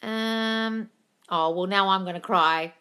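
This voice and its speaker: A woman's voice: mid-range voice, slow pace, sharp tone, smooth. A woman answering viewer questions on a casual phone livestream from home. She reads comments aloud, swears freely and calls everyone darling. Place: at home with her cat.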